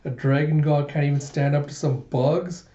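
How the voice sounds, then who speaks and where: A man's voice: fairly high pitch, level tone, moderate pace, mellow, lightly acted. A man voicing a cocky young male fighter who teases the others, reading aloud from a manga. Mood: teasing. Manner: teasing, offhand. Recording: dull echoey room recording.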